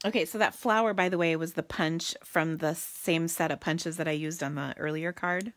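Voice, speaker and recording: A woman's voice: low voice, steady tone, normal speed, a bit bright, no echo. A woman hosting a casual live card-making demo, chatty and goofy, talking to viewers and muttering to herself as she works.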